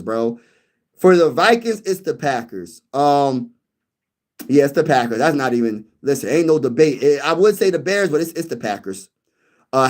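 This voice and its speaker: A man on a casual sports livestream, talking to his chat with boastful hype. His voice sits a bit higher than most men's. He leans on slang, calls people bro and baby, and repeats lines for emphasis. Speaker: sports channel host. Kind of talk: casual livestream chat reading viewer comments.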